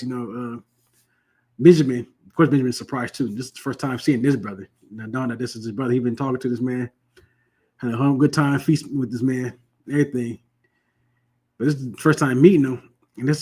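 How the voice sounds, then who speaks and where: A man leading a Bible class, reading verses slowly and then retelling them in loose, slangy everyday talk. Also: medium pitch, darkish tone, breathy edge. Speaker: Bible study teacher. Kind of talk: scripture reading and casual explanation.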